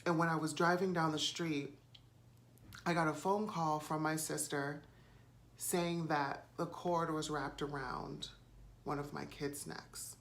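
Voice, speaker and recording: A woman's voice: sits low, fairly even intonation, measured pace. A woman quoting a tearful, apologetic man. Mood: sad.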